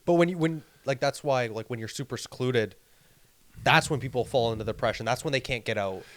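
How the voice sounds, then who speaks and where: A man's voice: medium pitch, a little fast, fairly bright tone. A young man co-hosting a podcast, talking earnestly in a rambling way with many restarts. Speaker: podcast co-host. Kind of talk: casual chat.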